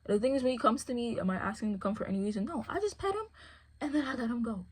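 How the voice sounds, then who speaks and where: Husky-voiced woman chatting casually. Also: fairly high pitch, lively intonation, racing, a little mellow. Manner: rambling, repeats "you feel me". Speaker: service dog handler. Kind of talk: casual chat.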